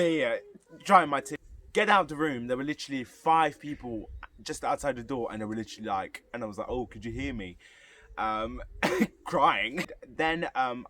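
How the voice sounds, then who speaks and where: A young man, casually telling a story to camera and acting out the voices of the people in it. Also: medium pitch. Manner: animated, acts out quoted voices. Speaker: vlogger.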